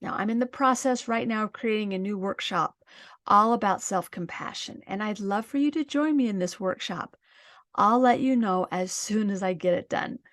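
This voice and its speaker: A woman hosting a self-help podcast, calmly guiding listeners through exercises in a slow, gentle, encouraging way. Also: medium pitch, no echo, clean studio sound. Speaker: podcast host.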